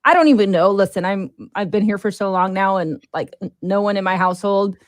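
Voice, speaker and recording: A woman's voice: medium pitch, brisk, no echo. Chatty American woman, dry close sound. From United States. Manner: chatty, playful, rambling. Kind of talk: casual chat.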